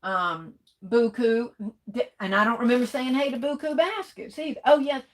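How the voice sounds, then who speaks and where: A woman's voice: fairly high pitch, normal speed. Chatty woman greeting viewers on a livestream. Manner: chatty, greets viewers warmly with "hey, baby". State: fighting off coughs and sneezes. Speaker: livestream host. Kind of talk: casual live chat reading comments.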